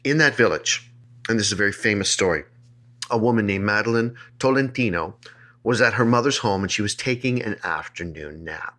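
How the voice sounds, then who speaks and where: A man with a fairly low voice tells a creepy legend on a podcast. His delivery is playful and loose, and he slips jokes and silly asides into the story. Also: fairly quick, pushed and bright. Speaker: podcast host telling a legend. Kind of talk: casual storytelling chat.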